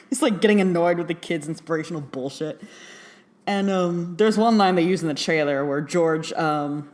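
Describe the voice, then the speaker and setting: A woman's voice: fairly low pitch, normal speed, darkish tone. A young adult woman giving a casual, chatty film review, full of fillers and little laughs. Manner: chatty, rambling, many fillers and giggles.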